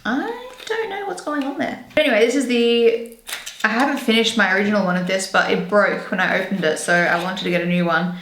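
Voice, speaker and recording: Talking fast in a steady, medium-pitched and slightly bright voice, a young Australian woman rambles and corrects herself as she does her makeup. It's a casual get-ready-with-me chat from a beauty vlogger at home indoors, with roomy echo and slight background noise.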